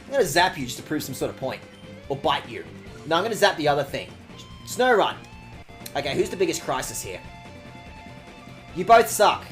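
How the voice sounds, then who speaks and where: A man streaming a video game, chatting casually with his viewers in a sarcastic, animated way and swearing often. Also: fairly high pitch, moderate pace, pauses often, faint music behind.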